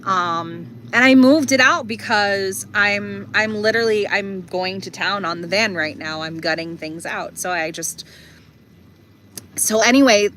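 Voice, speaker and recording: A woman's voice: mid-range voice, sharp tone, slight background noise. A young woman rambling through a casual story from inside her van, full of fillers, restarts and little laughs. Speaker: vlogger.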